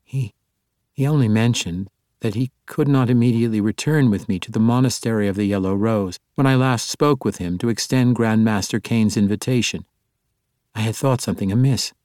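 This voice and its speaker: A man's voice: on the low side, normal speed, a little mellow, no echo, close to an everyday voice. Man reading an exuberant monk, formal and eager, courteous, audiobook, dry sound. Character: earnest, exuberant male monk.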